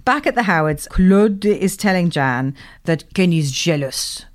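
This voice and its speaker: Lively, laughing woman. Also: fairly low pitch, a little slow. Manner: chatty, laughing often, swearing. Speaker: podcast co-host. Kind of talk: casual chat recapping a TV show.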